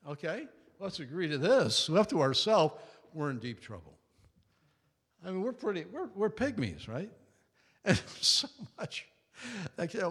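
A man preaching a sermon in an animated way. He repeats key words for emphasis and chuckles often. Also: a little high. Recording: long reverb of a large hall.

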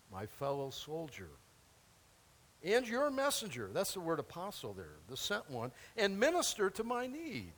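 A man preaching a sermon as pastor, animated and chatty, acting out biblical figures and laughing between points. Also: fairly high pitch, long reverb tail.

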